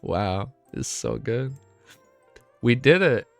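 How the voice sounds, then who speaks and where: A man reacting live on stream, excitable and emotional, cursing often as he talks to chat. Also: mid-range voice, slow, soft background music. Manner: excitable, swears a lot, emotional. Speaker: streamer reacting to web novel fan art.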